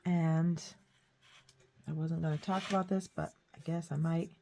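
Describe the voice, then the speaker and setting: A woman with a cold and a hoarse throat, chatting casually while she shows a painting craft. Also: low voice, fairly even intonation, unhurried, mellow, a little hiss or hum. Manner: chatty, rambling, self-deprecating. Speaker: craft vlogger. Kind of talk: casual painting tutorial chat.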